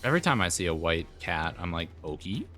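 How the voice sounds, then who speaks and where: A male streamer chats casually while playing a game live, rambling along with plenty of filler words. His voice sits on the low side. Faint music plays in the background. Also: big pitch swings, fast, pushed and bright. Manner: rambling, filler-heavy talk.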